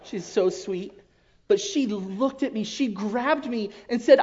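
A man giving an emotional personal testimony to his church, earnest and halting, often dropping to a hush. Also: high-pitched, fairly even intonation. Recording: dull lo-fi recording.

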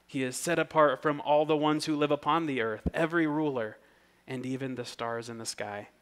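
A man preaching an expository sermon, earnest and emphatic, whose voice rises in pitch and volume when he reads scripture aloud. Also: fairly even intonation, moderate pace, fairly bright tone. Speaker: pastor.

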